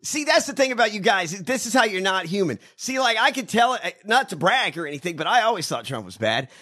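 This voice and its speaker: A man's voice: high-pitched, very animated, brisk, pushed and bright. A man co-hosting a comedic podcast, reacting with profane, mocking outbursts. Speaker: podcast co-host. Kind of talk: casual comedic chat.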